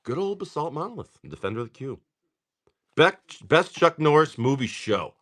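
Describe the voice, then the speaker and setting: A man hosting a live card-break stream, just woken up and clearing his throat, chatting in a rambling way while rattling off card names. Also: a little high, big pitch swings, moderate pace, a bit bright. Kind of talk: casual livestream chatter.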